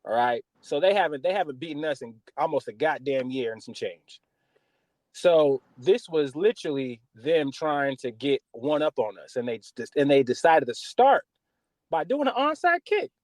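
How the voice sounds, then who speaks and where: On a dry recording, a man with a voice on the high side talks at normal speed. He's a West Coast US podcast host in casual sports chat, ranting animatedly about football and swearing heavily.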